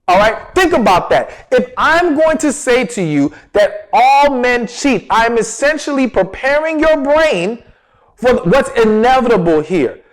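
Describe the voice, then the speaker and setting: Man, relationship coach, high voice, emphatic, asks and answers own questions. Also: big pitch swings, a little slow. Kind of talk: direct-to-camera advice talk.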